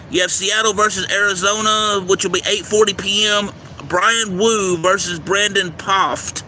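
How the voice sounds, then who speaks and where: A man hosting a livestream, reading out a game schedule and his picks in a steady list, sometimes stumbling over names, recorded outdoors near a railway. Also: high voice, normal speed. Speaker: livestream host giving baseball picks. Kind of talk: casual livestream commentary. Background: faint traffic and train noise.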